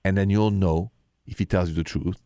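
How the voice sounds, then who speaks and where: Guy hosting a radio advice show, low voice, coaxing, bone-dry sound. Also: steady tone, fairly quick, dark tone, clean tone, dry recording. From France. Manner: coaxing, explanatory, teases what comes next. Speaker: radio relationship advice host.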